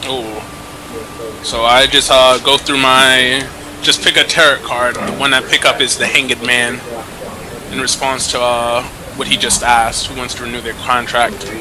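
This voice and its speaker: A man playing a tabletop game, describing his moves quietly and matter-of-factly. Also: medium pitch, little pitch movement, a little slow, noisy background. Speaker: player. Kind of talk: casual chat at a game table. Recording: chatter of a crowd behind.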